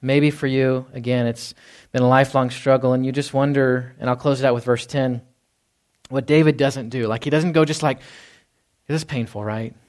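A man's voice: mid-range voice, fairly even intonation, normal speed, a little mellow. Conversational male pastor preaching. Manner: conversational, acts out quotes, frequent "right?". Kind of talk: sermon. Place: church hall before a congregation.

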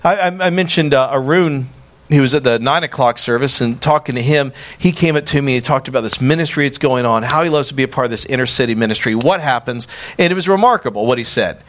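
A man preaching a sermon as a pastor, animated and emphatic, acting out quoted dialogue. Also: medium pitch, fast talker.

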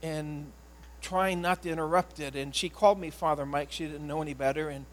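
A man, a pastor, telling a personal story in an earnest, emotional sermon style, often halting and repeating words. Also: a little high, steady tone, low-quality recording.

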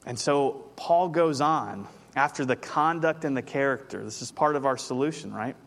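A man's voice: mid-range voice, expressive, moderate pace. A man, preaching a conversational sermon as pastor, telling a story and rising with animation.

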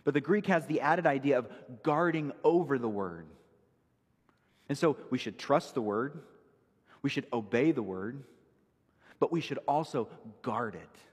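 Male preacher, husky voice, animated pitch, emphatic teaching delivery, long hall reverb. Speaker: pastor. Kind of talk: expository sermon.

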